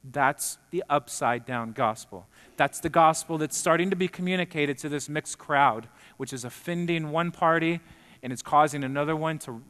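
A man's voice: a little high, a bit bright, smooth. A man pastor preaching an earnest sermon to a congregation in a church, building to emphatic points. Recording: long reverb in a hall.

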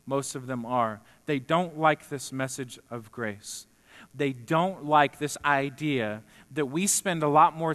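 Pastor preaching a sermon, earnest and emphatic, slightly high voice, long hall reverb. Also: male voice, moderate pace, a bit bright. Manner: earnest, building to emphatic peaks.

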